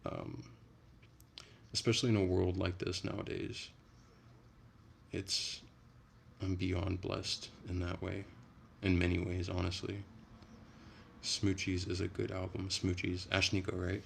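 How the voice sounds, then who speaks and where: A young man with a low, gravelly voice talks loosely on a late-night stream, drifting between chat messages in an easy, unhurried way. A faint hiss sits under his voice. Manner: relaxed, rambling, soft-spoken.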